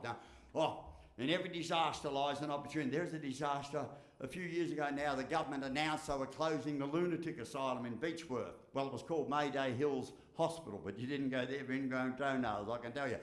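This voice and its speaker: A man's voice: fairly high pitch, brisk, fairly bright tone. A man with an Australian accent giving a humorous motivational speech, blunt and jokey with mild swearing. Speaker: motivational speaker. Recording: echoey hall.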